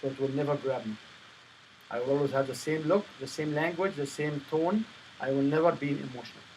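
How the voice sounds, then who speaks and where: A man's voice: on the high side, fairly quick, a little mellow, a little hiss or hum, poor audio. A man coaching a sales presentation workshop, firm and emphatic as he lectures.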